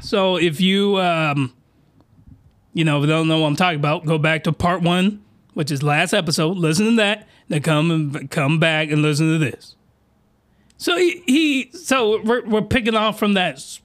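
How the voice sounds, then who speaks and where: A man hosting a comedy podcast, talking in an animated, incredulous, slangy way. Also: high voice. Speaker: podcast host.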